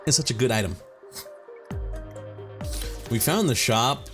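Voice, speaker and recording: A man's voice: medium pitch, expressive, takes it slowly, a bit bright. A man hosting a gaming let's play, rambling and cursing casually with lots of filler words and joking swagger. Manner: mock-serious swagger mixed with jokes. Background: faint game music.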